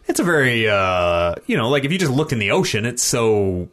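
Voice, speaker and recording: A man's voice: medium pitch, big pitch swings, brisk, fairly bright tone. A man co-hosting a podcast, chatting casually and animatedly, rambling and swearing now and then. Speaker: podcast co-host. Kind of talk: casual chat.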